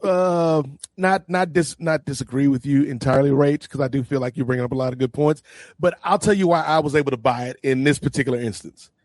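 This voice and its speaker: A man co-hosting a casual podcast review, excitedly retelling TV scenes and acting out the characters' lines. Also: mid-range voice, fairly quick, no room sound. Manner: animated, acts out scenes in quoted voices. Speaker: podcast co-host.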